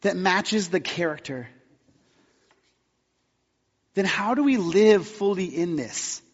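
A man with a fairly high voice preaches a conversational sermon, slipping into little acted-out quotes as he tells his story. The sound is a bit dull and rings with long reverb from a church hall. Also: animated, slow pace. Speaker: pastor.

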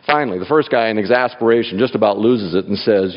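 A man's voice: lowish voice, quick pace, few pauses. A man giving a sermon as a guest speaker in church, telling personal stories and jokes and reading scripture aloud. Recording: dull sound in a hall with long reverb.

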